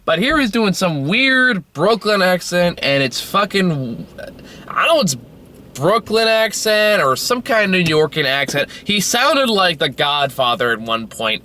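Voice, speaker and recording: A man's voice: sits high, sing-song, unhurried, pushed and bright. A tired young man reviewing a film on his own, rambling and swearing with frequent restarts. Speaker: movie reviewer. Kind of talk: casual solo film review.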